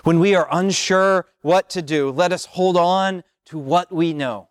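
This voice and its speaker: A man preaching a sermon as pastor, slow and measured, repeating phrases with long pauses. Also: sits high, clear, resonant tone, dry recording, clean studio sound.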